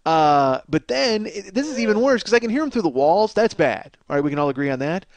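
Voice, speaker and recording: A man's voice: high-pitched, big pitch swings, fairly quick, no room sound. A man hosting a comedy podcast, rambling through a profane, self-mocking monologue from a small apartment. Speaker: podcast host.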